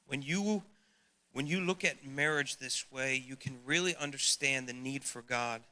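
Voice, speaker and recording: A man's voice: mid-range voice, a little slow, sharp tone. A middle-aged man preaching a sermon as youth pastor, earnest and emphatic, speaking straight to his listeners.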